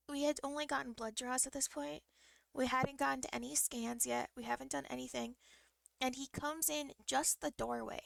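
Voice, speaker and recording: A woman's voice: sits high, vocal fry, a bit bright, dry recording, studio quality. A young woman streamer telling a story in a casual, rambling way, full of fillers and restarts and vivid, emotional retelling.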